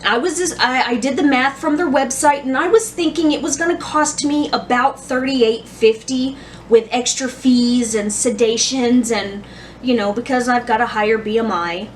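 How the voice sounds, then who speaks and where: Chatty woman vlogger, slightly high voice. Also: normal speed, recorded from a distance, a little hiss or hum. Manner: chatty, rambling, with many restarts and ums. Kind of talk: casual personal storytelling vlog.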